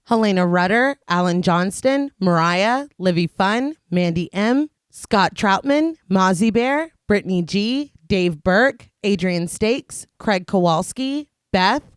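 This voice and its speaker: A woman's voice: medium pitch, expressive, slow pace, few pauses, clear, resonant tone, dry recording, studio quality. A tired woman co-hosting a horror podcast who is losing her voice, reading out supporters' names. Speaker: podcast co-host. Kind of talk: reading a patron thank-you list.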